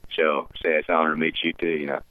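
A teenage man from Illinois voicing a laid-back, drawling male movie star who rambles in a slow, philosophical, folksy way. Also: very deep voice, flat delivery. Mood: musing. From Illinois, USA. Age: teens. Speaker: guest impressionist. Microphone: telephone call-in. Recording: tinny phone line.

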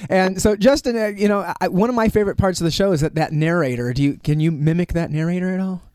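A man's voice: high-pitched, fast talker, darkish tone, clean tone, dry recording. A man hosting a radio interview, an eager fan who stumbles over his words. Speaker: radio host.

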